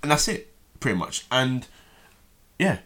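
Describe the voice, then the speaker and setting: A man chatting casually about football as a co-host, emphatic and animated, often repeating his words. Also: mid-range voice, unhurried.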